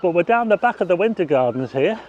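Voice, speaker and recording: A man's voice: high-pitched, expressive, fast talker, darkish tone, slight background noise. A middle-aged man giving a chatty, meandering walking-tour commentary on town streets, with asides to the viewer. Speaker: vlogger. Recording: slightly dull outdoor street recording.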